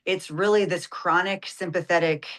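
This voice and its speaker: A woman's voice: lowish voice, fairly even intonation, normal speed, a bit bright. A woman, an ER nurse guest, explaining in a radio interview and often adding "right?" and "like".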